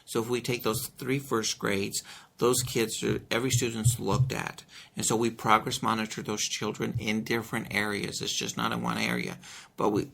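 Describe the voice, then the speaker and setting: Gravelly-voiced school principal explaining. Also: male voice, lowish voice, flat delivery, normal speed, a bit bright, slight background noise. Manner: earnest, many ums and restarts while explaining. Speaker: elementary school principal, interview guest. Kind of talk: conversational interview answers.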